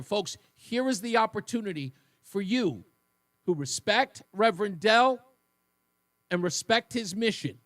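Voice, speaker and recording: Fiery, lively high-voiced talk radio host. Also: male voice, dry recording. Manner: fiery, mocking, mimics others in shrill voices. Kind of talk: opinionated talk radio monologue. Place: radio studio.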